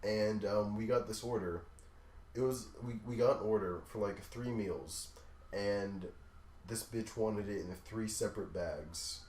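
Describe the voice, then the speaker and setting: A young man casually telling long, profane work stories on a podcast, acting out the quotes loudly. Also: fairly low pitch, a little slow, slight background noise. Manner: profane, animated storyteller who acts out quotes loudly. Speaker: podcast co-host. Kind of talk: casual storytelling chat. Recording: echoey room.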